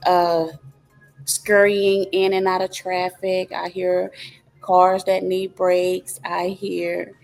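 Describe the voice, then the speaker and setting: Woman, host, reflective wellness talk, very slow, calm teaching, rhetorical questions. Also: lowish voice, creaky, faint music behind.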